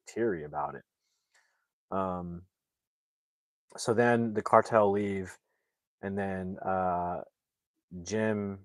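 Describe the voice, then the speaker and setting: A man's voice: lowish voice, dry recording. A man casually recapping a movie's plot, rambling with lots of fillers and restarts and openly doubting the story. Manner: opinionated, voices doubts about the plot. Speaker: movie reviewer.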